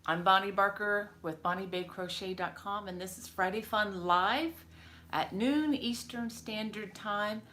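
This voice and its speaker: In a mid-range voice and at a slightly slow pace, a middle-aged woman runs a casual crochet live stream from home. She chats away, greets viewers by name warmly, and fills her speech with fillers.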